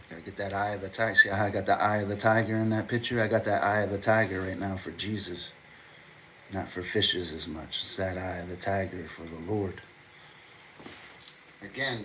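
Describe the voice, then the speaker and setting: A man's voice: lowish voice, fairly even intonation, moderate pace, noisy background. A man livestreaming in a casual, boastful, preachy way, quoting scripture at length.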